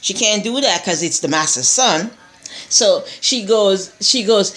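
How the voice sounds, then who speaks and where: A woman's voice: medium pitch, animated, measured pace, a bit bright. A woman casually recapping a TV episode, rambling and digressive with many restarts and asides. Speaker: TV show reviewer.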